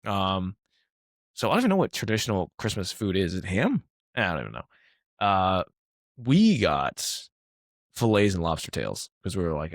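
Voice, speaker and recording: Brief: male fitness coach co-host, low-ish voice, loose filler-heavy chat, dead dry mic. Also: big pitch swings, moderate pace, long pauses, no echo. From Taiwan. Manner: rambling, filler-heavy, laughs often. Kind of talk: casual podcast chat.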